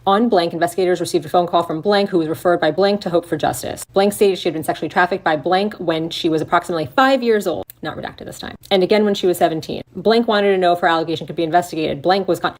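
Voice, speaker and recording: A woman co-hosting a talk show, reading a redacted report aloud and breaking off with sarcastic, indignant commentary and swearing. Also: fairly low pitch. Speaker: podcast co-host.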